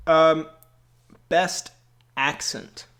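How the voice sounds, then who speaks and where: A man's voice: on the high side, fairly even intonation, drawn-out words, background noise. A man co-hosting a casual podcast chat, rambling with fillers and laughing often. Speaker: podcast co-host.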